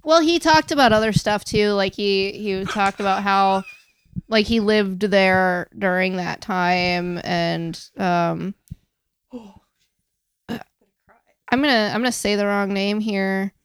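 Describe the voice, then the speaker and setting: A woman's voice: medium pitch, smooth, dry recording. Hesitant woman podcast co-host. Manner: hesitant, halting, many fillers. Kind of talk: casual chat.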